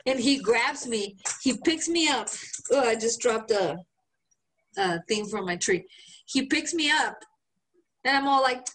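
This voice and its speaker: Woman podcast co-host, casual storytelling, profane, animated, fairly high voice. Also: unhurried. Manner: animated, profane, acts out quotes.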